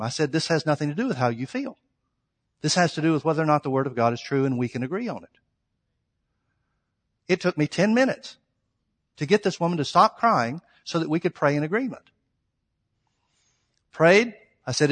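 A male pastor whose voice is a little high and a bit bright preaches briskly with lively intonation and long pauses. Telling stories emphatically and acting out quoted exchanges, he's recorded in a church sanctuary with long hall reverb.

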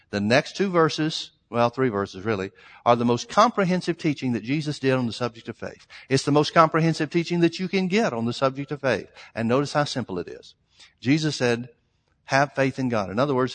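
A man preaching a sermon, emphatic, stretching out the scripture lines he reads. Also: mid-range voice. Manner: emphatic, reads scripture in old-style phrasing. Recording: long hall reverb.

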